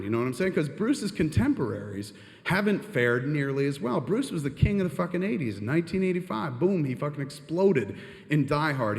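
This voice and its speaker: A middle-aged filmmaker telling comedic stories on stage, profane, rambling and self-deprecating, in a reverberant live hall. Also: male voice, medium pitch, a little mellow. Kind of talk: comedic storytelling monologue.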